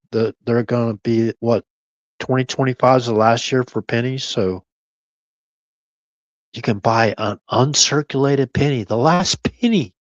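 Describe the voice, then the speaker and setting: A man drifts through a late-night live stream at an unhurried crawl, musing half to himself and chuckling as he goes. His voice is close and dry, with no room around it, and the audio is a bit dull and lo-fi. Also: mid-range voice, no echo. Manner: keeps voice down at times.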